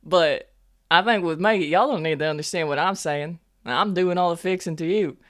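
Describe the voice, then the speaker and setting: A woman's voice: fairly low pitch, normal speed, natural voice. A woman playing a young half-elf army medic in a tabletop role-play, talking in a folksy drawl full of "y'all" and "ain't". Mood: sassy.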